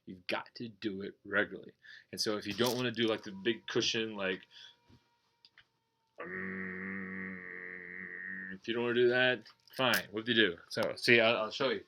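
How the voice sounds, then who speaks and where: A man teaching meditation in a casual, blunt way, swearing and joking, and going soft and slow when he guides the breathing. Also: lowish voice, steady tone, slight background noise. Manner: slows and softens when guiding breathing. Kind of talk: casual explanatory talk.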